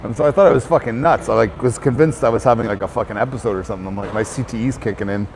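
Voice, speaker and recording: A man's voice: medium pitch, racing, a little mellow, slight background noise. A man hosting his own channel, telling a rambling, profane story to camera with lots of filler words. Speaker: fitness trainer and channel host.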